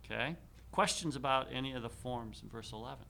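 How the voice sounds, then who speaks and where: Bright-voiced man teaching a class. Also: medium pitch, gravelly. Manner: slow, deliberate reading with frequent fillers. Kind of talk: classroom lecture.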